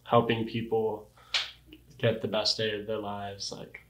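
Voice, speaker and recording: A man's voice: on the low side, completely flat delivery, a little slow, fairly bright tone, reverberant, poor audio. A young man chatting casually as an interview guest, laid-back, full of surfer slang and "like". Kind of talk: casual chat.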